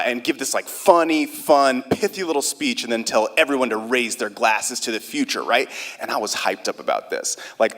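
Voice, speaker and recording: A young man telling a funny personal story live on stage, casual and self-mocking, full of quick asides. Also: mid-range voice, fairly bright tone. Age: young adult. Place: theater stage before an audience.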